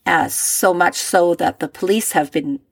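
Woman, casual storyteller, animated, voices the people in her story, dry mic. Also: fairly low pitch, unhurried, gravelly, husky, dry recording. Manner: animated retelling, acts out quoted voices. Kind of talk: casual chat.

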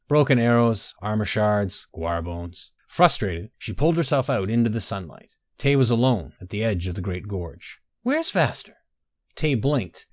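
Low-voiced male storyteller, dry sound. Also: no echo. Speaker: narrator. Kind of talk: scripted narration.

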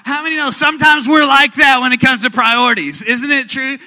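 A pastor delivers a sermon, pulling his listeners into call-and-response. His voice sits high for a man and sounds very bright and forward. He slips into voices to act out little everyday scenes. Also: fairly even intonation, a little fast.

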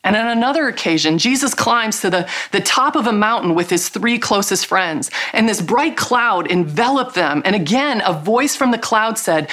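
A woman's voice: mid-range voice, expressive, normal speed, few pauses, a bit bright. A middle-aged woman giving a devotional teaching talk, earnest and emphatic, drawing out key words. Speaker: Christian speaker.

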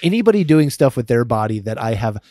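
A man's voice: mid-range voice, very animated, quick pace, darkish tone, dry recording, studio quality. A man co-hosting a podcast, chatting casually in a wry, laid-back joking way. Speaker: podcast co-host. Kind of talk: casual chat.

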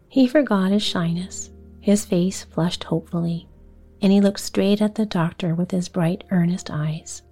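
A woman narrating a bedtime story for a sleep podcast in a hushed, slow, soothing voice. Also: lowish voice, fairly even intonation, breathy edge, faint music behind. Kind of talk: whispered bedtime story reading.

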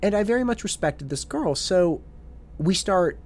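A man's voice: high voice, animated, normal speed. A man who works as a tutor, telling a story in an earnest monologue and often repeating his words as he goes.

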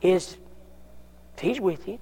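Slow gravelly preacher in a hall. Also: male voice, high-pitched, mellow. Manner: emphatic, repeats questions with long pauses. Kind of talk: sermon. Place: church.

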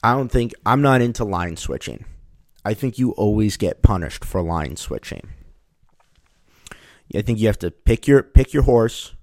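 Man, casual storyteller, wry and rambling, restarts words, low voice, dry sound. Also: lively intonation, measured pace, darkish tone, no echo.

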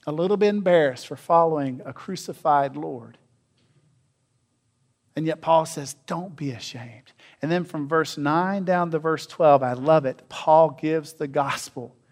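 A man preaching a sermon as pastor, asking his listeners questions and swinging between loud and quiet. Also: fairly high pitch. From North America. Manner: asks the congregation questions, varies loudness widely.

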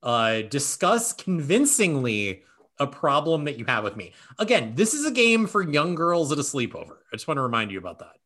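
A male podcast host in loose, casual chat who reads party-game prompts with playful amusement. His pitch swings widely as he talks. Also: sing-song, moderate pace, fairly bright tone. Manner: playful, laughs while reading aloud.

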